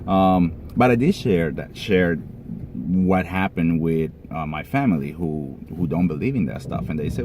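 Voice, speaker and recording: A man casually telling a personal story outdoors, rambling and halting with many fillers and restarts. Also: low-pitched, animated. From Colombia. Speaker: vlogger. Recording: loud street and car noise.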